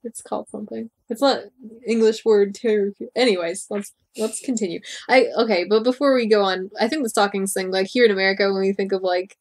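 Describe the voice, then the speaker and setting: A woman co-hosting a comedy podcast, sarcastic and quick to laugh, mocking what she reads. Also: medium pitch. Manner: sarcastic, laughs, reads passages aloud in mock tones. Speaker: podcast co-host. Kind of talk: casual comedic chat.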